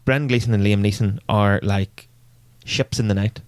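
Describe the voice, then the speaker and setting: A man's voice: on the low side, fairly even intonation, normal speed, darkish tone, no echo. A man, co-hosting a podcast in casual chat, with dry, jokey, rambling asides. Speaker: podcast co-host.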